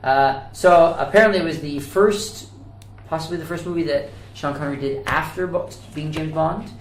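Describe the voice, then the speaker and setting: A man's voice: on the high side, moderate pace, a little hiss or hum. Rambling male podcast host in echoey room. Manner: rambling, hesitant storyteller with many fillers. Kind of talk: casual chat.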